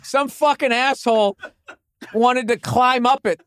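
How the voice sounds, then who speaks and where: A man with a Boston accent talks in casual chat, swearing freely and rambling from one tangent to the next. His voice sits fairly high, and it is recorded close and dry. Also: fairly even intonation, measured pace, fairly bright tone, clear, resonant tone, no room sound. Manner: profane, rambling, laughs through his own stories. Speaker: podcast guest.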